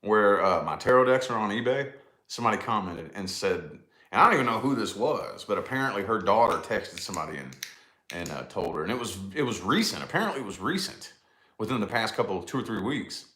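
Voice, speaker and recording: A man's voice: fairly low pitch, lively intonation, fairly quick, fairly bright tone, echoey room. A middle-aged man hosting a casual tarot livestream chat, laid-back and swearing freely, calling his viewers dude and y'all. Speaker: tarot channel host.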